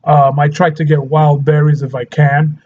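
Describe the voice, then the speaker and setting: Chatty man with a higher voice. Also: level tone, moderate pace, warm tone, highs cut off, a little hiss or hum. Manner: chatty, laughs often, keeps checking in with "okay?". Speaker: nutrition coach. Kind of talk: casual health talk to camera.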